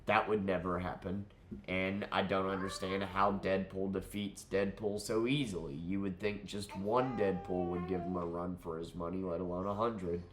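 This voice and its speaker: Hosting his own channel, a man rambles candidly through a casual film review while under the weather. His deep voice sounds nasal and stuffy-nosed, delivered flatly at a moderate pace with plenty of fillers and restarts.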